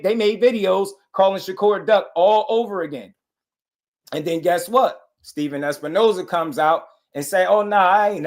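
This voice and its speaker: Insistent man on a live boxing stream. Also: a little high. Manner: animated, insistent, repeats himself, calls out viewers. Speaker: boxing show host. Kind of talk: live-stream boxing talk, answering chat.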